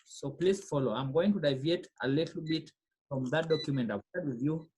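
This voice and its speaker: A woman's voice: sits low, normal speed, mellow, husky. Patient woman teaching French. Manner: explains patiently, repeats phrases, checks understanding with "okay?". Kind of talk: online class lesson.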